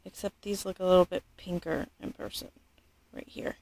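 A doll collector films a casual unboxing vlog, gushing, rambling and correcting herself, often sinking into a soft near-whisper. Her voice is lowish and gravelly, with flat delivery at normal speed and no echo.

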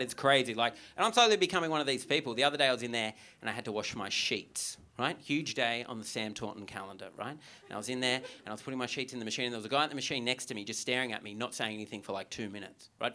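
A man's voice: medium pitch, pushed and bright. A young Australian man doing a stand-up comedy set, chatty and self-mocking, with many asides to the crowd on a theatre stage.

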